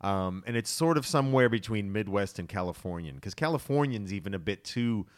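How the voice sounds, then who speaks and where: Animated American man from Boston. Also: on the low side, brisk. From Boston, USA. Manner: animated, jokey storytelling. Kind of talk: casual podcast chat.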